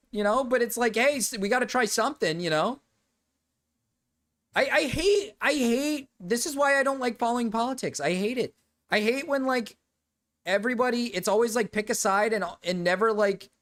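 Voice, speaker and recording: A woman's voice: fairly high pitch, fairly bright tone. A woman streamer giving casual reaction commentary, rambling and profane, laughing often.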